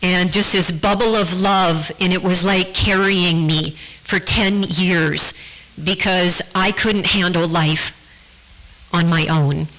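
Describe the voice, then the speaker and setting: A woman giving a personal testimony in church, speaking earnestly and haltingly, often restarting her sentences. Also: lowish voice, fairly even intonation, fairly bright tone, poor audio. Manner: earnest, halting, with frequent repeated starts. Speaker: guest speaker.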